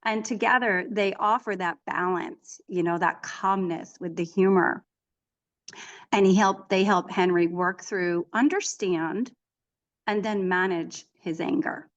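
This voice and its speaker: A middle-aged woman, a guest author, chatting in an interview, telling stories in an animated way with frequent restarts. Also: fairly low pitch, measured pace, lo-fi sound. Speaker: author and equine therapist, guest. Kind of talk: casual interview conversation.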